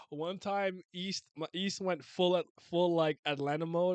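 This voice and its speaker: A man's voice: high voice, fairly even intonation, takes it slowly, clean tone, no room sound. A man in his thirties, from Canada, chatting casually and rambling with viewers as a streamer. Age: 30s. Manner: rambling, restarts and laughs, uses slang.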